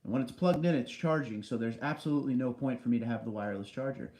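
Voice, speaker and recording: A man's voice: medium pitch, quick pace, mellow. Chatty man answering livestream comments. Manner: chatty, reads comments aloud and answers them. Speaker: livestream host. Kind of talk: casual livestream chat reading viewer comments. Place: large basement room indoors. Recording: echoey basement room.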